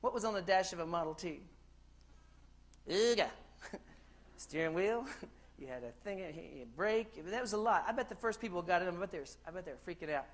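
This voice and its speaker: A man from the United States giving a conference keynote in a lively, joking storytelling way, asking the crowd questions. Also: high-pitched, fast talker. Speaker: keynote speaker. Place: conference hall stage.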